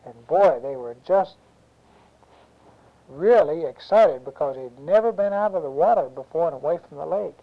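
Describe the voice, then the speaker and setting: An adult telling a children's story aloud, animated, with sound effects and questions to the listening kids. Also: mid-range voice, normal speed. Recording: dull lo-fi home recording.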